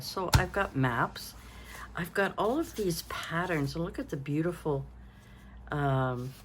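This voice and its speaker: A woman's voice: fairly low pitch, slight background noise. A woman in her sixties, chatting casually as a craft vlogger, rambling and thinking aloud, tired and yawning. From Canada. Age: 60s. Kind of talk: casual show-and-tell chat.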